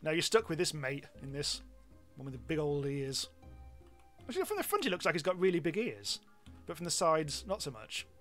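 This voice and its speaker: A man's voice: on the high side, big pitch swings, a little fast, a bit bright, faint music behind. A British man streaming a game live, chatting casually and rambling with self-mocking asides and frequent ums. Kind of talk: live gameplay commentary.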